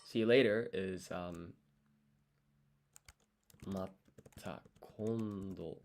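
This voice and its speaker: A man thinking aloud through a language study session, sounding out foreign words slowly syllable by syllable and muttering self-corrections. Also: low voice, a little mellow, a little hiss or hum. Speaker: language learner streaming his study.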